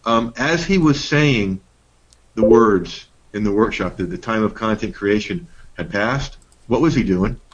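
A man's voice: fairly low pitch, expressive, a little slow, breathy edge, highs cut off. A middle-aged man co-hosting a workshop, talking in a casual, folksy way with playful emphasis. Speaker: workshop co-host. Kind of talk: casual teaching talk.

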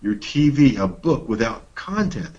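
A man's voice: medium pitch, sing-song, unhurried, a little mellow, slightly rough, lo-fi sound. A middle-aged man co-hosting a workshop, talking in a casual, folksy way with playful emphasis. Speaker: workshop co-host. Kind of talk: casual teaching talk.

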